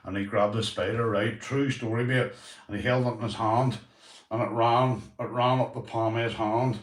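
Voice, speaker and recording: A man's voice: medium pitch, little pitch movement, moderate pace, recorded from a distance. Sweary Northern Irish man, roomy echo. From Northern Ireland. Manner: chatty, sweary storytelling, talks to viewers. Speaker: livestream host. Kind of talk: casual livestream chat.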